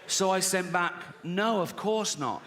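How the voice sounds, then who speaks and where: An English stand-up comedian whose voice sits high tells profane, chatty stories, slipping into quick acted-out voices for the people in them. He's on a large theatre stage before a live audience, and the live recording carries roomy reverb and audience noise.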